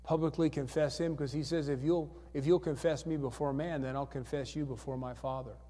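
A man's voice: on the high side, steady tone, brisk, dark tone. A male pastor leading an altar call, coaxing people to come forward with repeated questions. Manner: coaxing, repetitive, calls for hands again and again. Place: church sanctuary. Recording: church hall reverb.

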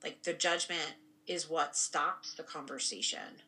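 Podcast co-host, young woman, low pitch, rambling casual talk full of tag questions. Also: measured pace, sharp tone, poor audio. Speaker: podcast co-host and spiritual practitioner. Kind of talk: casual conversation.

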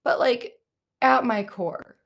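A woman's voice: fairly high pitch, takes it slowly, gravelly, a bit bright. A young woman hosts a casual solo podcast and rants at easy conversational length. She fills her talk with "like" and "um", swears freely, and drops little laughing asides as she goes. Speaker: podcast host.

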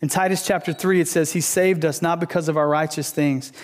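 A man's voice: fairly high pitch, fairly even intonation, brisk. A man preaching a sermon, telling a story with animation and emphatic repetition. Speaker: pastor, teacher.

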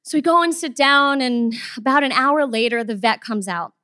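A woman with a notably high voice tells a personal story to an audience. She is expressive and acts out the people she quotes. Her voice is recorded dry, with no room sound around it. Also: moderate pace, dry recording.

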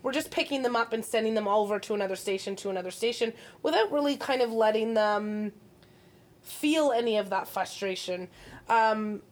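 Animated higher-voiced woman parenting coach. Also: moderate pace. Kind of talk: casual podcast chat.

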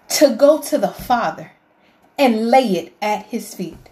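A woman's voice: fairly high pitch, expressive, measured pace, darkish tone. A woman giving a heartfelt devotional talk, emotional and preacherly, rising to fervent appeals. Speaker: faith vlogger.

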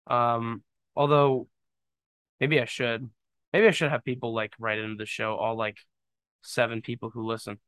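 A man's voice: mid-range voice, bright, forceful tone, smooth, no echo. A young man hosting his own podcast, rambling casually with jokes and lots of fillers. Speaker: podcast host. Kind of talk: casual solo podcast monologue.

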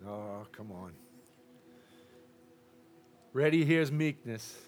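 A man's voice: medium pitch, lively intonation, drawn-out words, slight background noise. Boisterous man preaching a sermon. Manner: loud and boisterous, drops to a hush at times.

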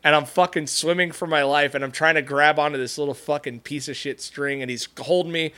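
A man with a bright, forceful voice hosts a casual podcast. He tells a rambling, profanity-laced story and breaks into laughter often. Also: fairly high pitch, steady tone, a little fast, few pauses. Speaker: podcast host.

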